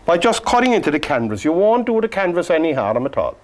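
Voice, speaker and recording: Cork guy teaching painting, gentle chatty asides, voice sits a bit high. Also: big pitch swings, fast. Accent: Irish, Cork. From Ireland. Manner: gentle, joking, soft-spoken instructions. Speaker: painting instructor.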